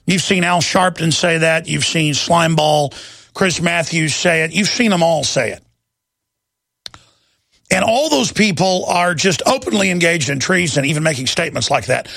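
A man in his thirties hosting a talk radio show, delivering an impassioned rant into a studio microphone and breaking into shouting. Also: fairly high pitch, normal speed, gravelly, no room sound. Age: 30s. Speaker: radio host.

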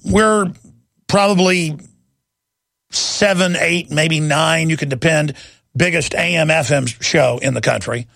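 A man in his thirties hosting a talk radio show, delivering an impassioned rant into a studio microphone and breaking into shouting. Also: fairly high pitch, takes it slowly, gravelly, no room sound. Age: 30s. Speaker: radio host.

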